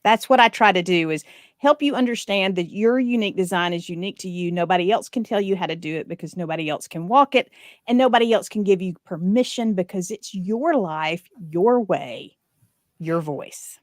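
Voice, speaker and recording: A woman with a Southern accent, a guest in a casual interview, talking in a lively, joking way and laughing often. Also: lowish voice, normal speed, dry recording, studio quality.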